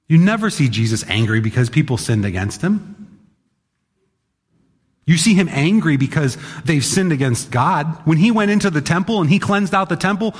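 A man's voice: on the high side, breathy edge. Emphatic male pastor in an echoing hall. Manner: emphatic, conversational, acts out quotes. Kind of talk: sermon. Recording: long hall reverb.

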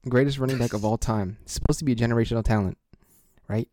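A man on a sports podcast launches into a rambling, excitable rant while playing along with a jokey courtroom bit. His voice sits in a middle register. The sound is dry and close, with no room echo at all. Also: medium pitch, fast talker. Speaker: podcast co-host. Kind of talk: mock courtroom banter.

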